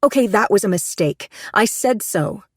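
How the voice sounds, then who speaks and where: A woman's voice: medium pitch, lively intonation, moderate pace, no echo, studio quality, pitched above the performer's own voice, lightly acted. A woman voicing a frightened, hostile woman who speaks sharply and accusingly in a storybook reading. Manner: sharp, raised, accusing delivery.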